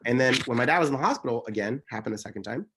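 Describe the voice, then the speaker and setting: A man's voice: mid-range voice, lively intonation, very fast, fairly bright tone, breathy edge. Earnest, emphatic man in conversation. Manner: rambling, self-correcting. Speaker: interview guest. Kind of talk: casual conversational storytelling.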